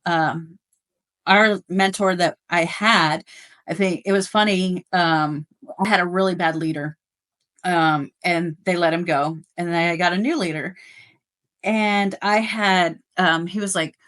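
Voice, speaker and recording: A middle-aged woman, a guest on a podcast, telling work stories in animated casual chat with plenty of fillers. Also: on the low side, measured pace. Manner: animated storytelling, rising excitement, many fillers. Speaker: guest, dealership service manager.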